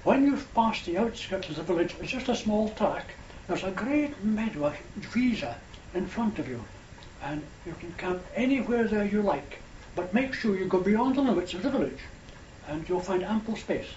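A patient German policeman spells out the way step by step, pausing to ask if he is understood, as an older Scottish storyteller puts him on. The voice sits a little high, on a dull, roomy old recording with faint hiss. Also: lively intonation, a little mellow. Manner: patient, explaining slowly with checks like "understand?". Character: helpful German policeman giving directions.

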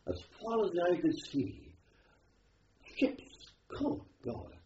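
This older Welsh-accented war veteran from Wales speaks high, slowly and warmly, with huge swings in pitch. His oral history recollection wanders through memories, full of ums and restarts, on dull, roomy tape carrying a faint hiss.

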